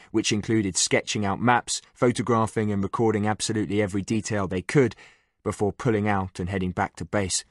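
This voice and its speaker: Man, audiobook narrator, low voice, measured, dry studio sound. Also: dry recording. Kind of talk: scripted narration.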